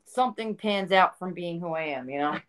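A woman's voice: on the low side, animated, fairly quick, fairly bright tone, low-quality recording. A woman with a New York accent, a wrestler appearing as a guest, chatting in an easygoing way with casual slang and frequent laughter. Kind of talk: casual interview chat.

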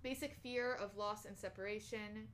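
A young woman co-hosts a podcast with slight background noise, her medium-pitched, slightly bright voice steady at a moderate pace. She reads personality test results aloud casually, using fillers and restarts and laughing easily.

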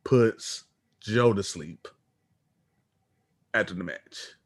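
A man's voice: fairly low pitch, drawn-out words, husky, no echo. A man co-hosting a podcast, casually chatting about wrestling news and reading quotes aloud. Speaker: podcast co-host.

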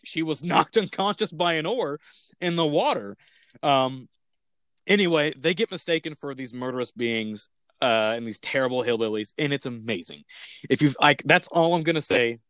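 A man's voice: on the high side, moderate pace, a bit bright, dry recording, clean studio sound. A man hosting a casual podcast, talking enthusiastically and rambling with tangents. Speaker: podcast host reviewing films. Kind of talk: casual chat.

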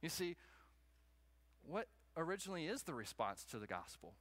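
A man preaching a sermon to a congregation, animated, acting out little scenes in raised voices. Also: fairly high pitch, normal speed, no echo. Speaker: pastor.

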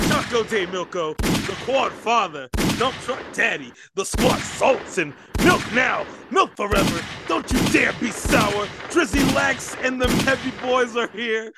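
A man podcast co-host giving a wrestling-style hype introduction in a booming announcer delivery. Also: unhurried, hardly any pauses, heavy background noise.

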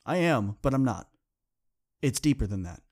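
A man's voice: medium pitch, very animated, moderate pace, a little mellow. A young man hosting a podcast, speaking earnestly in a motivational monologue that builds into impassioned repetition. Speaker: podcast host.

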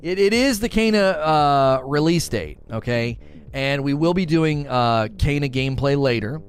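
A man's voice: on the high side, animated, a little slow, clean tone, soft background music. Rambling, laugh-prone male streamer. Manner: rambling, laughs often, repeats words and phrases. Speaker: livestream host reading viewer chat. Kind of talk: casual livestream chat.

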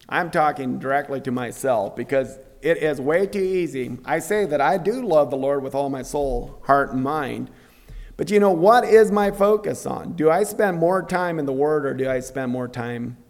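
A man giving a devotional sermon in an earnest, conversational way, often pausing to clear his throat. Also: on the high side. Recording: long reverb of a hall.

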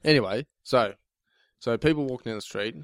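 A man's voice: mid-range voice, brisk, dry recording. A man co-hosting a podcast in casual banter, with dry, crude, sardonic jokes. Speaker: podcast co-host.

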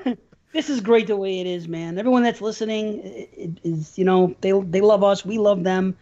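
A man's voice: sits high, a little fast, warm tone. A man co-hosting a podcast in casual chat, rambling loosely and laughing often. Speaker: podcast co-host. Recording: slightly dull lo-fi audio.

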